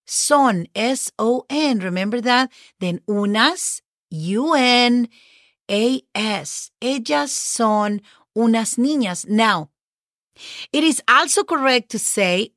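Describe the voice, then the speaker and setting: A native Spanish speaker with a Spanish accent hosts a podcast as a Spanish teacher, giving a casual lesson where she spells out words and encourages listeners. Her voice is fairly high, fairly bright, and lively in intonation, and she speaks unhurriedly. The studio-quality audio has no room sound.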